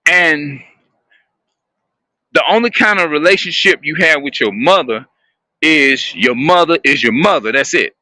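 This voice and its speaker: A man rambles to his viewers in a halting monologue, frequently repeating himself and restarting phrases. His voice is a little high, expressive and sharp-toned, with no room sound at all.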